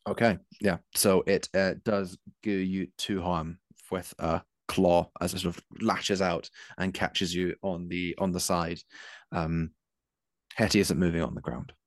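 A man with a low voice runs a tabletop game as game master, describing the action in a loose, searching way full of ums. His voice is deep and sits in a dry, close space. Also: fairly even intonation, a little slow, no room sound. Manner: descriptive, with frequent um and uh.

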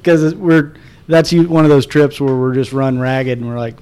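A man's voice: mid-range voice, normal speed, mellow, slight background noise. A man chatting casually on a podcast, easygoing and joking, often talking in short bits.

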